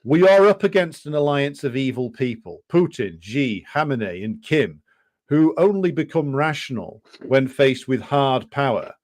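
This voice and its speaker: A man's voice: mid-range voice, lively intonation, measured pace, darkish tone. Sardonic man reading and mocking. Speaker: podcast co-host. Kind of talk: casual political chat, reading quotes aloud.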